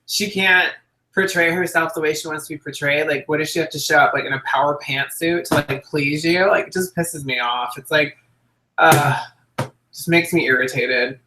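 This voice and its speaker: A young adult woman co-hosts a casual chat, telling stories with lots of animation and frequent laughter. Her voice is bright and forceful, and it rings through a roomy, echoey space. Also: deep voice, normal speed, a little hiss or hum. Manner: animated storyteller, laughs often. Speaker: co-host. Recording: echoey room.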